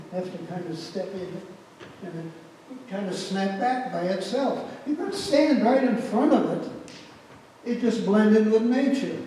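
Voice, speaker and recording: A man in his eighties, a Holocaust survivor, gives spoken testimony to an audience in a large community event hall, telling his story earnestly and repeating words for emphasis. His voice sits high and warm, with a little hiss or hum. The hall is echoey and he sounds far off.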